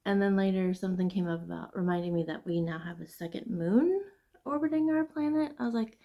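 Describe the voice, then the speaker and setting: A woman hosting a casual knitting vlog, chatting and venting in an animated, chatty way. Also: medium pitch, a little fast. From Midwest United States. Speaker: knitting podcast host. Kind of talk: casual chat.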